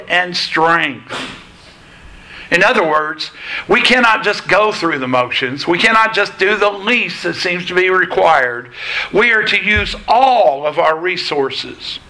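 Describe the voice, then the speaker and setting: A man preaching a sermon to a congregation in a church, emphatic and deliberate, with a sarcastic edge at times. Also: sits high, pushed and bright, rough recording. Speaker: pastor. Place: church sanctuary.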